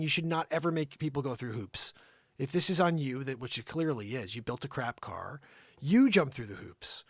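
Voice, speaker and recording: A man's voice: fairly high pitch, fast, dry recording, studio quality. A man hosting his own live show, ranting indignantly and acting out his exchanges with others. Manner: indignant, animated, quotes others in exasperated retellings. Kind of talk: unscripted ranting monologue.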